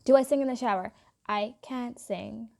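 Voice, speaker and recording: A woman's voice: on the high side, normal speed, vocal fry, mellow. A young woman, born in India and raised in England and the US, talks in a chatty, playful way with joking asides. She speaks with an American accent that shows slight British traces, in a casual get-to-know-me vlog. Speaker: YouTuber.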